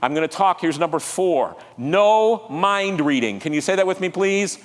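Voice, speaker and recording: A man preaching a sermon as pastor, conversational and lively, drawing the congregation into call-and-response. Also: a little high, a little fast, in a large hall. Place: church sanctuary.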